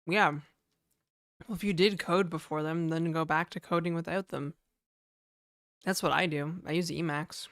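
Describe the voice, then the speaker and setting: A woman's voice: sits low, steady tone, moderate pace, pauses often, a bit bright, no room sound, studio quality. A young woman live-coding on a stream, chatting casually and wryly with viewers and answering their comments. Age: young adult. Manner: offhand and wry, talking straight to viewers.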